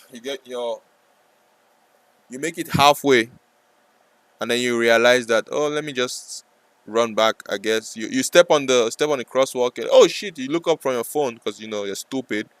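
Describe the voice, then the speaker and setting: A man talking casually over a live trading stream, rambling and joking, sometimes breaking into loud playful yelling. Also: mid-range voice, moderate pace, no echo, poor audio.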